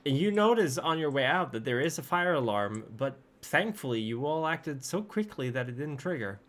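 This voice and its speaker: A man narrating as game master of a tabletop game, relaxed and self-deprecating. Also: fairly high pitch, normal speed.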